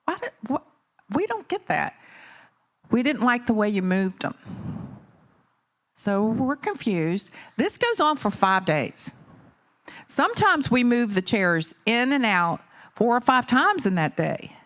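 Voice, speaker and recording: A middle-aged woman giving a motivational talk at a conference, telling stories in an animated way and asking the audience rhetorical questions. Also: on the high side, slow. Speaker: keynote speaker. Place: conference venue.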